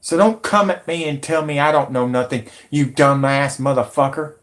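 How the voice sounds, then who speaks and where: A man's voice: fairly high pitch, normal speed. A man, a channel host ranting angrily at his viewers, swearing and combative. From Alabama, USA. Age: 40s. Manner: profane, combative, shouting at viewers. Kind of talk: angry ranting monologue.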